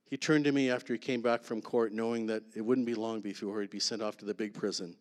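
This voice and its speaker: A man sharing a personal testimony at a church, earnest, with dramatic pauses and soft, intense endings. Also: lowish voice, fairly even intonation, in a large hall. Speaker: guest speaker.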